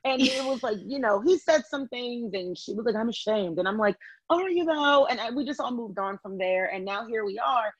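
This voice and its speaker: A woman's voice: fairly high pitch, a little fast, hardly any pauses, slightly rough, no room sound, poor audio. A woman hosting a podcast in casual chat, wry and joking at her own expense. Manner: wry, joking, self-mocking. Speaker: podcast host.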